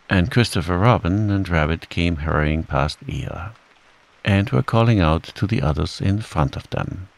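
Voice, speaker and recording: A man calmly reading a bedtime storybook aloud, in a soothing manner. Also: low-pitched, measured pace, creaky. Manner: calm, soothing. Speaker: narrator.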